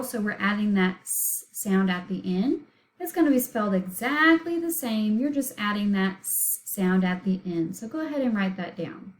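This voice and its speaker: On a rough recording, a woman with a medium-pitched voice gives a spelling lesson. She patiently breaks words down letter by letter and syllable by syllable.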